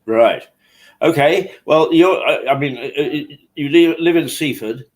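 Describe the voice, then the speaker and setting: A man's voice: a little high, measured pace, a little mellow. Man hosting a casual chat. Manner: hesitant, full of fillers and restarts. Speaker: host. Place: hotel.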